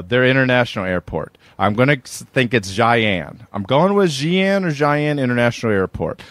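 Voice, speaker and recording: A man's voice: mid-range voice, dry recording. A man from Maryland co-hosting a comedy podcast, reading a news story aloud with wry jokey asides. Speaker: podcast co-host. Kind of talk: casual comedic chat.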